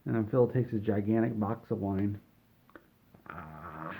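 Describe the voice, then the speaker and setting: A man telling an absurd comic story in a deadpan, rambling way. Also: fairly low pitch, a little fast, gravelly, husky. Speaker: comedy storyteller. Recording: tinny phone-like sound.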